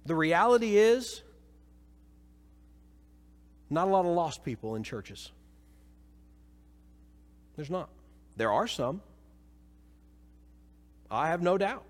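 Preacher guy from missouri, high voice, church echo, gets all fired up then drops real low and serious. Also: slow pace, pauses often. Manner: storytelling preacher, swings from excited to low and solemn. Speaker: pastor. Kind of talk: sermon. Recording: reverberant church hall.

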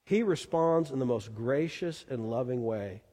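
A male pastor preaching a sermon earnestly, rising loud for emphasis and falling quiet. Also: medium pitch, animated, a little slow. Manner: earnest, swells loud then drops quiet. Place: church sanctuary. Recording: long reverb in a church hall.

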